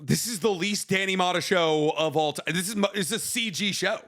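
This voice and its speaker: A man's voice: high-pitched, brisk, a bit bright. A man co-hosting a podcast, chatting casually and trading jokes in banter. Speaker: podcast co-host. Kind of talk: casual chat.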